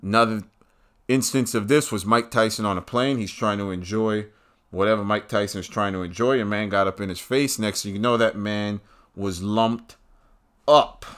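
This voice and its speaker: A man with a somewhat low voice hosts his own show in a one-man rant. He talks bluntly and profanely, with a scornful, combative edge. He hammers single words for emphasis. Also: steady tone, moderate pace, a bit bright, clear, resonant tone. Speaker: podcast host. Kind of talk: solo rant monologue.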